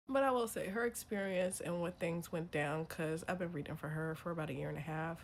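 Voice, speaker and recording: A woman rants casually to the camera, blunt and profane, sinking into muttered asides before bursting out loudly; she speaks in the manner of a spiritual reader. Her voice is low-pitched with vocal fry, and she talks briskly with hardly any pauses.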